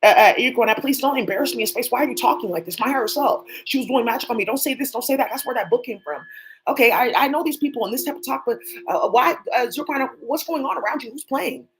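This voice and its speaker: On a low-quality recording, a woman with a slightly high voice hosts her own channel. She talks rapidly and profanely in a rambling, spontaneous monologue directed at people who aren't there.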